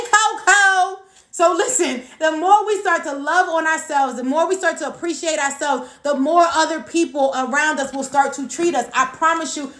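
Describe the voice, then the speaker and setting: Woman in her thirties, strikingly high voice, emphatic repetitive coaching talk, roomy echo. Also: fairly bright tone. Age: 30s. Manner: emphatic and repetitive, greets viewers by name. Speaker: team coach. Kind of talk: motivational live-stream talk.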